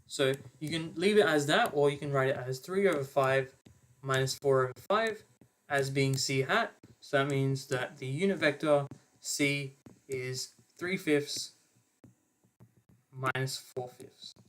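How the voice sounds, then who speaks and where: A young man giving an online maths revision lecture, casually talking through each step of his working with fillers and quick self-corrections. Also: mid-range voice, fairly bright tone, slight background noise. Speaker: maths tutor.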